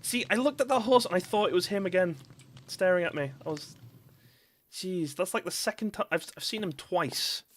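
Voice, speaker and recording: A man's voice: high voice, moderate pace. A young man with a Northern English accent, rambling and giggling through casual live-stream commentary on a game. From northern England. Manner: giggly, rambling, breaks into laughter.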